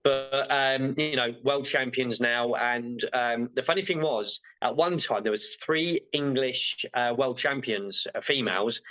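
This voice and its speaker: A man's voice: medium pitch, a little slow, few pauses, sharp tone, rough recording. A male therapist being interviewed, talking frankly and rambling with lots of fillers. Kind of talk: casual interview chat.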